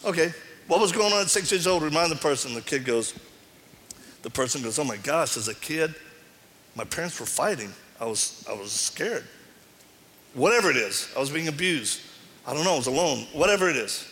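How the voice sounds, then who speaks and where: Male preacher, middle-aged, fairly high voice, bright and forceful, animated storytelling, long hall reverb. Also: fairly quick. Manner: animated storytelling, acts out dialogue. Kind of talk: sermon. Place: large hall before an audience.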